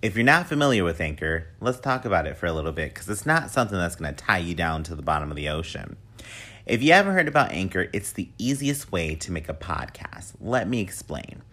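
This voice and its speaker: A man's voice: low voice, big pitch swings, a little fast, fairly bright tone. A man hosting his own podcast, chatty and campy, with a playful, slightly whiny way of talking. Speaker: podcast host. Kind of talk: solo podcast talk with a read ad.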